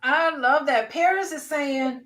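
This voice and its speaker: A woman hosting a live-streamed therapist panel, lively and reading viewer comments aloud. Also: high voice, a little slow. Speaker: host.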